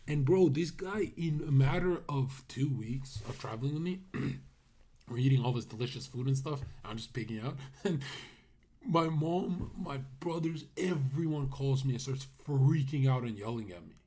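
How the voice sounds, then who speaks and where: A man's voice: medium pitch, expressive, normal speed, warm tone. Brash rambling male streamer. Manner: rambling, brash, with many fillers and trailing-off asides. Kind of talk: casual livestream monologue.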